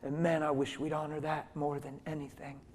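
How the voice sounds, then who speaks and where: A middle-aged man preaching through a personal story, animated and emphatic, acting out the voices of the people in it. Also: on the high side, brisk, a little hiss or hum. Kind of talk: storytelling sermon. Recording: long hall reverb.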